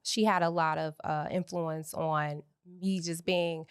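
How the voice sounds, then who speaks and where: A woman's voice: low-pitched, fairly even intonation, unhurried, clean tone, dry recording, clean studio sound. A woman guest on a podcast, an author talking earnestly with frequent hesitations. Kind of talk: casual interview chat.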